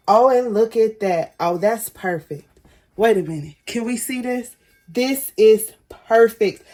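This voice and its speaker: Slow-talking excited woman crafter. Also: fairly high pitch. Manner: chatty, addresses viewers as y'all; excitable, gushing. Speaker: crafting channel host. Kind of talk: casual product demo vlog.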